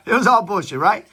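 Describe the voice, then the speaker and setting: A man with a high-pitched, bright, forceful voice holds forth in casual chat. He lectures his daughter bluntly, peppering his stories with profanity. He sounds sure of every point he makes. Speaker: father talking with his daughter.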